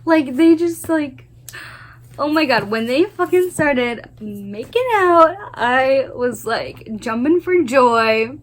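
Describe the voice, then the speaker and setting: A woman's voice: high-pitched, animated, takes it slowly. A woman book vlogger giving a gushing, emphatic spoiler review of a novel series, swearing often and repeating her exclamations.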